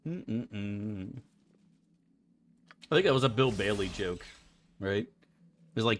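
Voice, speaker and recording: A man's voice: fairly low pitch, animated, slow pace, long pauses. A man streaming a video game, chatting casually in a rambling, joking, profane way into a desk microphone. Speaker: gaming streamer. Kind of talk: casual gameplay chat.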